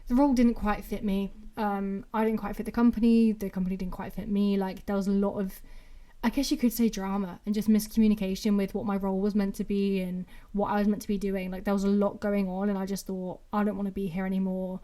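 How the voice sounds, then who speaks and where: Her voice sits in the mid-range, warm and level, moving at a fairly quick clip. She's a twenties-aged podcast host from England with a Brummie and Mancunian mix to her accent, rambling through a casual solo chat full of "like" fillers.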